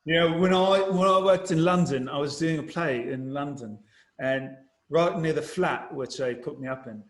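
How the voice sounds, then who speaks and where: A showy, sing-song posh British voice, pitched high and pushed loud, as an American man puts it on. Every line is exaggerated for comic effect. The room rings with a roomy echo around it. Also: moderate pace, lightly acted. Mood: playful.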